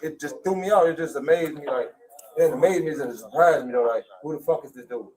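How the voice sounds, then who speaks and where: A man's voice: fairly high pitch, fairly quick, darkish tone, poor audio. A man from Chicago recalling a shooting in a blunt, incredulous way, from a played clip. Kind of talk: casual recollection. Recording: clip with crowd noise behind.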